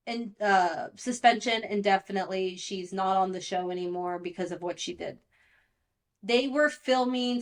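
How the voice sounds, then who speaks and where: A young woman hosting a podcast, recapping pop culture gossip in a chatty, exasperated way and saying "like" often. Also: mid-range voice. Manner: chatty and exasperated, heavy use of "like". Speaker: podcast host.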